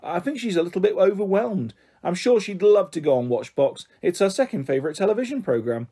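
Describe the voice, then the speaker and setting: A man voicing a cheerful, pushy mother who talks warmly and coaxingly in a storybook reading. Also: sits high, lively intonation, fairly quick, slightly rough, voice pushed up, exaggerated voice.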